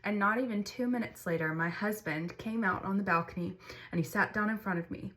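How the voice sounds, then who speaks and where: A woman's voice: medium pitch, fairly quick, a bit bright. A woman candidly telling a personal story to camera, earnest and conversational, like a storytime vlog. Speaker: mother sharing her story.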